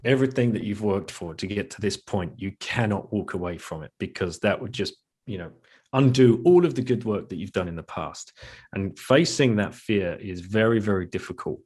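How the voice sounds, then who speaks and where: A man's voice: lowish voice, lively intonation, normal speed, a little mellow, husky. A middle-aged man speaking as a podcast guest, candid and reflective, with self-deprecating laughs and frequent restarts. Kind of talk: casual interview talk.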